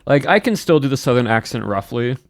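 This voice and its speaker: A man's voice: medium pitch, very animated, a little fast, slight background noise. A man streaming live, chatting casually and rambling while he answers his chat.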